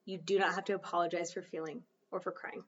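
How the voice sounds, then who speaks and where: A woman's voice: on the low side, little pitch movement, fast talker, far from the mic, lo-fi sound. A woman hosting a solo podcast, talking casually in a chatty, self-deprecating coaching tone. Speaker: podcast host.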